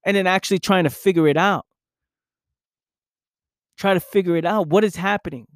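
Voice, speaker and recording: A man's voice: sits high, normal speed, smooth, dry recording, studio quality. A young man speaking in an intense motivational monologue, acting out his own past inner voice.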